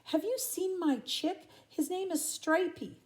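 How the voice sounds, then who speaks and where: A woman's voice: very high voice, measured pace, pitched above the performer's own voice. A grandmother voicing a frantic male emu father who keeps calling out in a raised, urgent voice.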